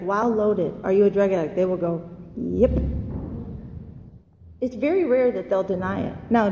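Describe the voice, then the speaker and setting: A woman's voice: a little high, slight background noise. Woman telling her story in an echoey hall. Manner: lively storytelling, acts out quoted voices. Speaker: speaker sharing her recovery story. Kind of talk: personal testimony talk. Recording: roomy hall with long echo.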